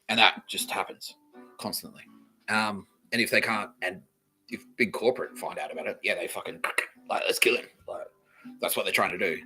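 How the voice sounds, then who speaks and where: A man's voice: deep voice, rough recording. Rambling, sweary man. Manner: swearing, animated, acts out quoted voices. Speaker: podcast host. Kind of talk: rambling comedic monologue.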